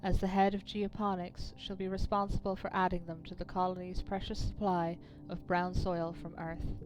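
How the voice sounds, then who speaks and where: A woman's voice: fairly low pitch, flat delivery, moderate pace, rough recording. A woman streamer reading a narrative game aloud, with wry, swearing asides to her chat. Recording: game music behind voice.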